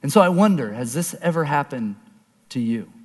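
Male storyteller-preacher, high tenor, lively story voices that turn hushed for the serious part, long hall reverb. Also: normal speed. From Oklahoma. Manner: animated storyteller, acts out voices, drops low and quiet for serious points. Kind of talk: storytelling sermon.

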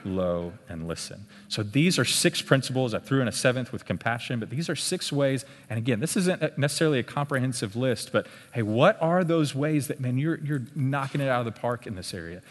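A man giving a conversational live talk at a church parenting workshop, often checking in with his listeners with a quick "okay?". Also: mid-range voice, animated. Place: meeting room with tables. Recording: long hall reverb in a big room.

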